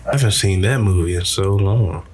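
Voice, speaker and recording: A man's voice: sits low, moderate pace, darkish tone, a little hiss or hum. A young man co-hosting a podcast, chatting casually, crude and joking with frequent laughter. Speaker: podcast co-host. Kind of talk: casual chat.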